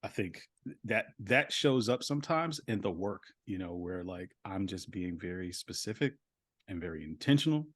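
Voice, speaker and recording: Low-voiced man rambling casually, dry sound. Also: expressive, moderate pace, dry recording. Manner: rambling, heavy use of "like" and "you know". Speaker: voice actor guest. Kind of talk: casual podcast conversation.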